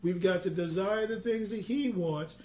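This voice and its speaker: A man ministering a sermon, reading scripture slowly and then explaining it in an earnest, conversational way with personal asides. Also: sits high, darkish tone. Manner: reads scripture slowly in King James wording.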